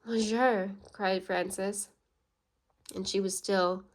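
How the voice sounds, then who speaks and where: A woman reads a classic novel aloud, her pitch held level with little rise and fall. The delivery is steady and measured, and the quoted dialogue gets only a slight lift rather than full character voices. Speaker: audiobook reader.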